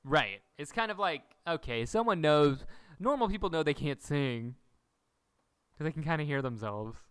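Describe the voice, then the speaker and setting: Animated young man with a smooth voice. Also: on the high side, moderate pace, dry recording. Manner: animated storyteller acting out quotes. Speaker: podcast co-host. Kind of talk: casual chat recapping a TV episode.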